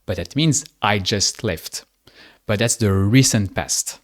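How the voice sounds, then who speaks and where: A man teaching spoken in a guided speaking lesson, patient and deliberate, drawing out each example phrase. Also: on the low side. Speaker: French teacher.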